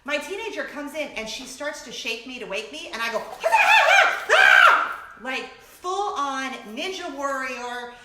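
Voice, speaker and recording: A middle-aged woman hosting a casual chat vlog, telling stories with animated energy, laughing often and acting out shrieks. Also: high-pitched, normal speed, hardly any pauses, echoey room, heavy background noise. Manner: animated storytelling, breaks into laughter, acts out shrieks. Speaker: vlogger host.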